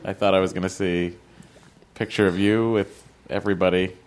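Low-voiced dry man on a podcast. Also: fairly even intonation, normal speed, a little mellow. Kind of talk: casual chat.

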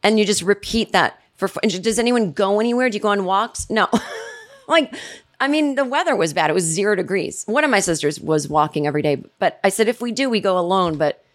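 A woman in her forties hosting a podcast, telling a rambling comedic story in a chatty way and mimicking her family with shrill yells. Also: lively intonation, fairly quick. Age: 40s. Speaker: podcast host. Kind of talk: casual comedic monologue.

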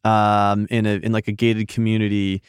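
A man's voice: lowish voice, flat delivery, moderate pace, clean tone, no room sound, studio quality. A man, a magazine editor, telling a rambling story in casual podcast chat, full of fillers and restarts.

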